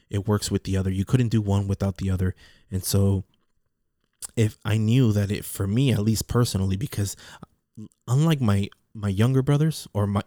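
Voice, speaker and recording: A man's voice: lowish voice, mellow, no room sound, clean studio sound. A man talking casually in a rambling monologue, repeating words and restarting his sentences. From Mexican heritage.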